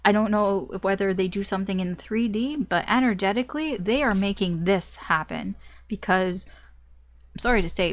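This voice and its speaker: A woman's voice: medium pitch, moderate pace. Chatty woman giving a tarot reading. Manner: chatty, laughs often, swears casually; animated storytelling. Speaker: tarot reader.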